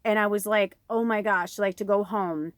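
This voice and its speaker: A woman's voice: medium pitch, steady tone, normal speed, dry recording, clean studio sound. Emotional profane woman tarot reader. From Chicago. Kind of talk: casual storytelling to viewers. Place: inside an RV.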